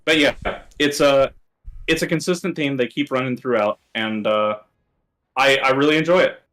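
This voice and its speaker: A man co-hosting a casual video game podcast, talking in a relaxed, rambling way with many fillers. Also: medium pitch, moderate pace. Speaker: co-host. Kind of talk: casual gaming podcast chat.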